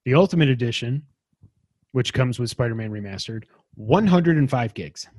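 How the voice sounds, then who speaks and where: A man's voice: medium pitch, animated, normal speed, a little mellow, no room sound. A man hosting a casual gaming news podcast, rambling and enthusiastic, poking fun at himself. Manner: enthusiastic, rambling, self-deprecating. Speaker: podcast host.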